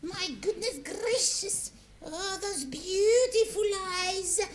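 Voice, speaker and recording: A performer with a French accent voicing a cheeky, excitable male caterpillar puppet in a variety-show act. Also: slow pace. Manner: squeaky, excitable, mixing French and English. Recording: loud studio audience laughter.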